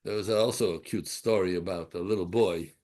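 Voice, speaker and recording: A man in his sixties teaching a Torah class, animated and full of rhetorical questions and stories. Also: low voice, a little fast.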